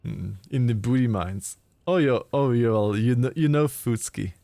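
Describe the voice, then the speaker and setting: A man chatting casually and playfully while streaming a game live. He talks slowly and giggles along with chat. His close mic sounds dry, with no room echo. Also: medium pitch, vocal fry, warm tone. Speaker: VTuber streamer.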